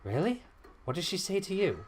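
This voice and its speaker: A man voicing a polite, earnest young male squire, close to his own voice and a little lower. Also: wildly swooping pitch, normal speed, husky, full character voice. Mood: curious.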